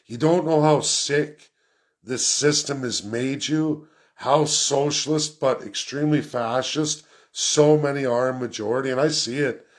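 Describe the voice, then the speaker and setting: A man giving an unscripted political rant as a vlogger, talking quickly and emphatically and repeating phrases for effect. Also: medium pitch, steady tone. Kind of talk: unscripted ranting monologue.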